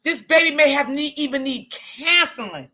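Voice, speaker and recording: A woman's voice: high voice, normal speed, sharp tone. A middle-aged woman hosting a live stream, reading the chat aloud and commenting bluntly, with plenty of cursing. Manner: blunt, profane, outspoken, talks to chat as y'all.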